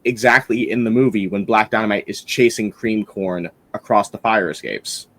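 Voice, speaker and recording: A male podcast host with a fairly low voice, chatting casually about films. He rambles with enthusiasm, circling back with fillers and restarts as he works through his points. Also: moderate pace, a bit bright. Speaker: podcast host reviewing a film. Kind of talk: casual film-review chat.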